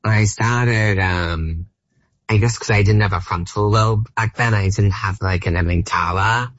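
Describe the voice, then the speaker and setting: A man's voice: fairly low pitch, measured pace, a bit bright, no echo. A man in his thirties with an Australian accent, a comedian guest chatting casually in an interview, rambling and self-deprecating with lots of fillers. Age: 30s. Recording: muffled dry broadcast audio.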